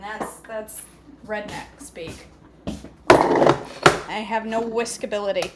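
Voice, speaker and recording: A woman's voice: medium pitch, steady tone, slow pace, pauses often, very noisy. A middle-aged woman chatting casually to her viewers while cooking in her home kitchen, joking about herself and answering comments by name. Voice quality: chatty, self-mocking, talks to viewers by name. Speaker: cooking vlogger.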